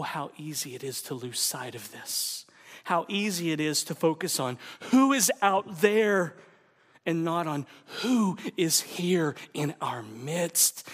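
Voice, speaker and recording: A male pastor preaches with emphatic, alliterative lines and dramatic pauses. His voice sits high for a man. It rings out in a large hall with long reverb. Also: a bit bright. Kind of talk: sermon.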